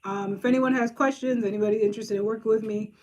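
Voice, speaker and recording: A woman's voice: fairly high pitch, fairly even intonation, quick pace, darkish tone. A woman from Boston hosting a casual live stream, chatting and answering viewer comments as they come in. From Boston, USA. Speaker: livestream host, social worker.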